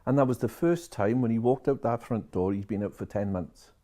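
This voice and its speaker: A man's voice: mid-range voice, fairly quick, dark tone. A man, a social care worker telling a story to camera and retelling each conversation line by line.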